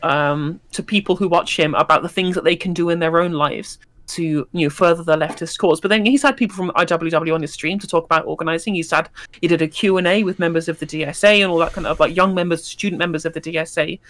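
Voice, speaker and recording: A man speaks quickly in a somewhat high voice. He raises his points politely and earnestly in a casual online debate, stumbling over words now and then. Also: fairly bright tone. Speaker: debate panelist.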